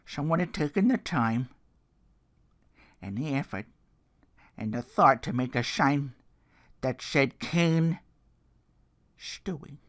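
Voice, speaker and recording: A man voicing a grizzled wrestler who delivers a theatrical promo that swings between shouts and hushed lines. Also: mid-range voice, animated, slow pace, pauses often. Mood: dramatic. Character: grizzled male wrestler cutting a dramatic promo.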